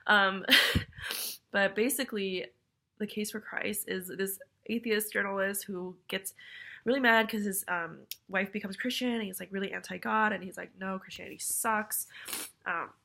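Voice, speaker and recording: A woman's voice: medium pitch, fairly even intonation, normal speed, vocal fry, sharp tone. A young woman with a cold, talking in a rambling, self-deprecating way full of fillers and apologies in a casual video message. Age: young adult. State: congested with a cold, sniffly. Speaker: vlogger.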